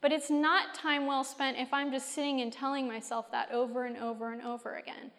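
High-voiced woman teaching in a reverberant hall. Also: little pitch movement, brisk, a bit bright. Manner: conversational, fires rhetorical questions at listeners. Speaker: speaker teaching a faith-based class. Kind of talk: faith-based teaching talk.

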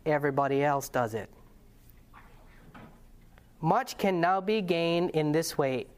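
A man's voice: on the high side, lively intonation, takes it slowly, clear, resonant tone. A man preaching a lesson to a congregation, passionate and earnest, telling stories and putting questions to the audience. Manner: conversational storytelling with restarts. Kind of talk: sermon-style lesson to a congregation.

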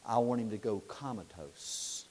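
A middle-aged man preaching a sermon, telling a lively story, acting out voices and asking his listeners questions. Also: fairly low pitch, measured pace, a little hiss or hum.

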